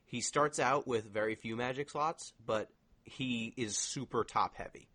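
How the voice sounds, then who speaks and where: A man's voice: medium pitch, unhurried, pushed and bright, no room sound. A man co-hosting a casual podcast chat, explaining things at length with lots of filler words. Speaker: podcast co-host.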